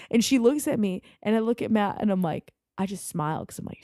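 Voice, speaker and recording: Animated, swearing woman telling a story. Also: medium pitch, a little fast, hardly any pauses, no room sound, studio quality. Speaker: podcast guest. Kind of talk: casual anecdote telling.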